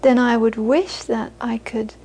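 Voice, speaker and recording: High-voiced woman giving a chatty teaching talk. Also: fairly even intonation, unhurried, darkish tone, breathy edge. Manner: chatty and anecdotal, with frequent laughter. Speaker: meditation teacher. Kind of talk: casual spoken teaching talk.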